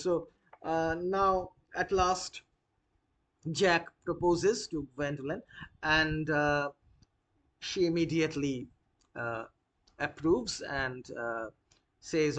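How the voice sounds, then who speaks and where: A man explaining a play to students, pausing often with fillers as he explains. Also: on the high side, a bit bright. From India. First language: Bengali. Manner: hesitant, many uh fillers, unhurried explaining. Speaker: literature lecturer.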